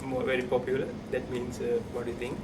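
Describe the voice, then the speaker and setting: A man's voice: mid-range voice, monotone, fast talker. Hesitant man, distant and noisy. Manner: hesitant, many uhs, laughs often. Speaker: interviewee, international worker. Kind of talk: casual interview answers.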